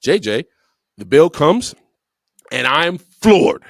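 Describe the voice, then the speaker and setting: A man's voice: a little high, sing-song, takes it slowly, creaky, no echo, clean studio sound. A man co-hosting a podcast, telling a story bluntly and repeating words for emphasis. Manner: profane, blunt. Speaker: podcast co-host. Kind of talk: casual storytelling chat.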